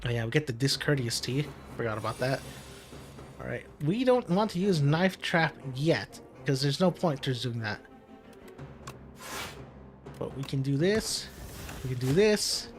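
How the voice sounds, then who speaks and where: A man's voice: mid-range voice, lively intonation, a little slow, pauses often, soft background music. A man casually commenting on his own card game as he plays, talking himself through each move, muttering and laughing at setbacks. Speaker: gaming commentator. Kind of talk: casual let's-play commentary.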